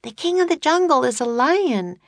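A woman voicing an eager, bold young girl in a storybook reading, high and excited. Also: normal speed, no room sound. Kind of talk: audiobook character voice.

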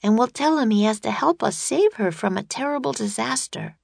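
A woman reading an audiobook, voicing a curious, excitable young girl with a bright, eager way of speaking. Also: a little high, normal speed, gravelly, no room sound, studio quality, voice pushed up, exaggerated voice. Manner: bright, eager, rising questions.

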